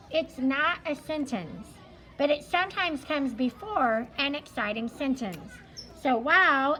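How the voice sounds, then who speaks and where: A woman's voice: high voice, a bit bright, low-quality recording. A woman elementary school teacher going over a study guide, explaining each answer patiently and step by step.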